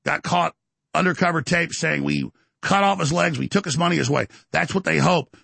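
An older male host in a bombastic, taunting rant. His voice is extremely gravelly and husky, sits a bit high for a man, and sounds close and dry. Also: a bit bright, no room sound. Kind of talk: heated on-air rant.

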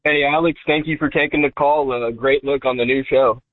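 A man from Kentucky calling into a talk show, making his case in an earnest, steady way. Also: medium pitch, normal speed. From Kentucky, USA. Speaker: caller. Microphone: phone call. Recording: tinny phone line.

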